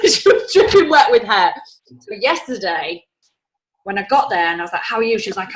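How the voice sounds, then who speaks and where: A woman's voice: mid-range voice, expressive, fairly quick. A woman on a coaching call, rambling as she retells conversations in quotes. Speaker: coaching client. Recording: echoey room.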